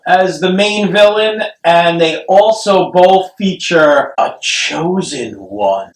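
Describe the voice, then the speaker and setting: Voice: medium pitch, animated, slow. A podcast co-host riffing through a comedic movie review, sarcastic and laughing often. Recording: echoey room, distant mic.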